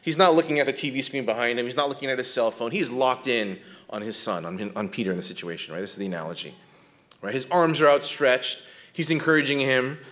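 A man teaching biblical counseling in a conversational lecture, often checking in with his listeners and speaking gently when he talks about compassion. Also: medium pitch, animated, fast. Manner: often checks in with a tag question "right?"; drops to a soft, gentle tone when describing compassion.

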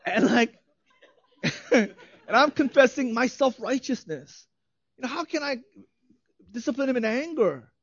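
A man's voice: very high voice, lively intonation, a little slow, long pauses, breathy edge, no room sound, muffled recording. A man in his thirties preaching a sermon as a pastor, conversational, often asking "right?" and laughing lightly.

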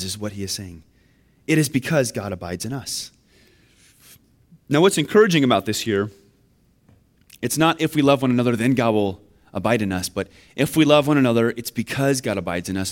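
A man preaching a sermon, earnest and building to emphatic questions. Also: medium pitch. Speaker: pastor.

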